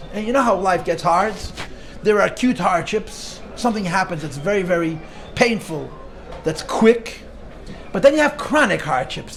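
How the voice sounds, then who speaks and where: This rabbi has a high voice and leads an informal Torah class as an animated storyteller. He restarts phrases frequently and peppers his talk with Yiddish and Hebrew words.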